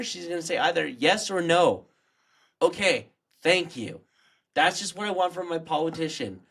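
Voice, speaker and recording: A man's voice: a little high, animated, moderate pace, creaky, a bit bright, husky. Blunt, fired-up man. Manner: blunt, swearing, getting fired up. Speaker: podcast co-host. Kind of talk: casual chat.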